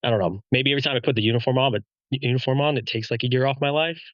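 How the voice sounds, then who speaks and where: A man, a police officer, talking in a relaxed, self-deprecating way on a podcast. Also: medium pitch, racing, no echo, dull audio. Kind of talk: casual podcast chat.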